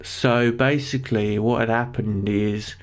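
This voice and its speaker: Excitable swearing male gaming streamer. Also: mid-range voice, a little slow. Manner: excitable, swears, panicky outbursts. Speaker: gaming livestreamer. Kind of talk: casual gameplay commentary.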